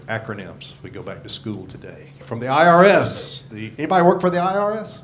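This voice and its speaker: A man's voice: mid-range voice, sing-song, fairly quick. A man in his sixties doing a grumpy, profane stand-up set on a club stage into a handheld mic. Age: 60s. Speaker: stand-up comedian. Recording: live club with crowd laughter. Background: audience laughter.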